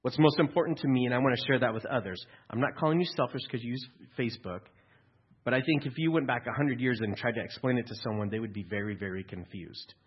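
A man preaches to his congregation in a relaxed, conversational way, slipping in dry jokes. His voice is somewhat husky. The recording sounds a little dull and lo-fi, as if taken in a church. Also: medium pitch, fast. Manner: conversational preaching with dry humor and acted-out quotes. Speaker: pastor. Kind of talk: sermon.

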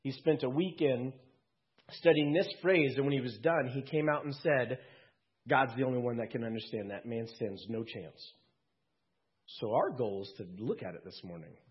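A man preaching a sermon to his congregation in a conversational way, with quick asides and jokes. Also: medium pitch, husky, dull audio. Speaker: pastor.

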